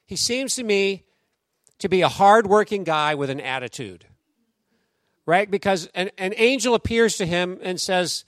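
A man preaching a sermon in a conversational, animated storytelling way, acting out quoted voices. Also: sits high, moderate pace, no echo, studio quality. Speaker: pastor.

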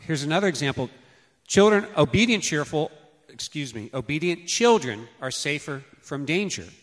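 A man in his fifties giving a sermon on parenting, telling family stories and acting out how he called his children. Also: medium pitch. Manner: storytelling, acts out calls to his children loudly. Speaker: preacher. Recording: long hall reverb.

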